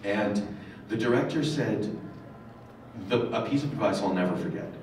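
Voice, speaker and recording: A man's voice: on the low side, animated, moderate pace, darkish tone, far from the mic, a little hiss or hum. Thoughtful man in a very echoey room. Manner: thoughtful, storytelling, emphatic asides. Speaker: voice director on a convention panel. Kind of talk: reflective panel talk. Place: convention panel room.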